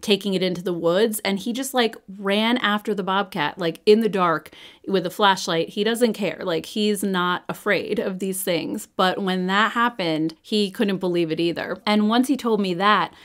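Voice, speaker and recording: A woman in her twenties or thirties, telling a true ghost story in a chatty, animated way with lots of filler words. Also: mid-range voice, moderate pace. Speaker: storyteller host. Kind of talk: get-ready-with-me story chat.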